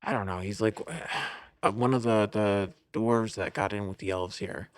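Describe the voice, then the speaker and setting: A man's voice: lowish voice, steady tone, moderate pace, natural voice. A man playing a nervous young male dwarf on his first day at work, stammering and flustered. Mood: unsure. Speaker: player. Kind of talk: tabletop role-play.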